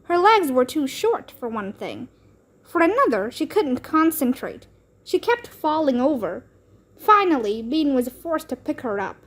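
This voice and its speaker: Slow, expressive woman reading a storybook. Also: high voice. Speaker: storybook reader. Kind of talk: children's book read-aloud.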